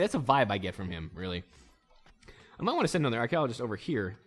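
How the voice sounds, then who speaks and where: Guy doing let's play commentary, goofy and rambly, talks to the game, sings bits here and there, normal pitched voice. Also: big pitch swings, very fast. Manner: breaks into goofy voices and song snippets. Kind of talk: casual gameplay commentary.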